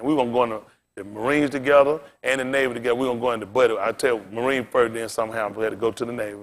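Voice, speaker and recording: A man preaching a sermon as pastor, in a casual style with big swings in pitch and loudness and direct asides to the congregation.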